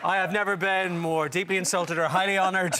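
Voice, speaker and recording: A Northern Irish man hosting a TV talk show, giving lively scripted introductions with playful asides. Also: high voice, fairly quick, over a noisy crowd, heavy background noise. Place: TV studio with live audience.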